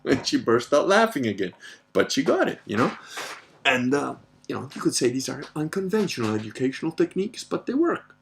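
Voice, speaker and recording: With a gravelly mid-range voice that swings widely in pitch, this podcast host speaks briskly. He runs a casual question-and-answer show, laughing frequently as he tells profane, crude stories.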